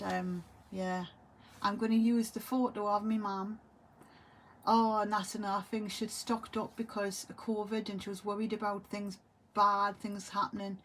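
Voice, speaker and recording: A grieving, tearful woman talks to camera in a halting way, often trailing off and repeating herself. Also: mid-range voice, a little hiss or hum. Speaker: vlogger. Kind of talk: emotional monologue to camera.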